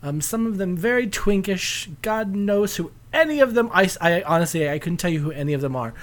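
A man's voice: sits high, lively intonation, brisk. A man hosting a casual podcast, rambling and self-deprecating and laughing often. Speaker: podcast host.

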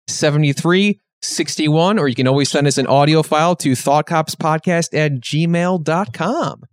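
Brief: male podcast host, casual and upbeat, slightly higher voice, dry close sound. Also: dry recording. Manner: upbeat, quick to laugh.

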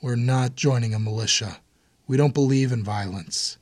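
A man's voice: medium pitch, moderate pace, no echo, natural voice. A man voicing an anxious young husband and expecting father in an audiobook. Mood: tense.

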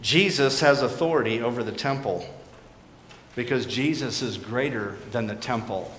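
Pastor preaching in an echoey church hall. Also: male voice, mid-range voice, moderate pace. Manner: earnest, questioning, drops to a quiet emphasis. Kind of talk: sermon. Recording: echoey hall with faint background noise.

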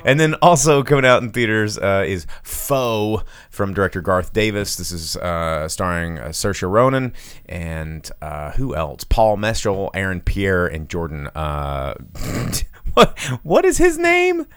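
Deep-ish guy rambling about movies, voice bouncing all over, laughs a lot. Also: unhurried, clean tone. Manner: rambling, laughs often, animated swings in pitch. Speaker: podcast co-host. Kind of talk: casual movie chat.

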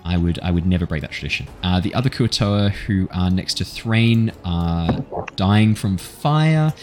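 Deep-voiced man running a tabletop game. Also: animated, unhurried, a little hiss or hum. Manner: casual, many fillers, laughs at his own jokes. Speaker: dungeon master.

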